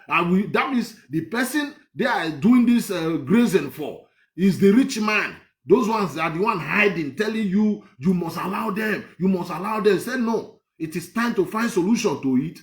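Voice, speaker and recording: Guy ranting about politics, voice jumping all over, echoey room. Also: high-pitched. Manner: rambling, emphatic, repeats phrases. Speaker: political commentator. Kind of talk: heated political monologue.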